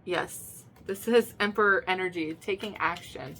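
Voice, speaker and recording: A woman's voice: on the low side, normal speed, vocal fry, breathy edge. A woman giving a casual spoken tarot reading in a chatty, emphatic way, repeating herself, with many fillers and restarts. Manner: emphatic, swings to loud excited bursts. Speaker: tarot reader.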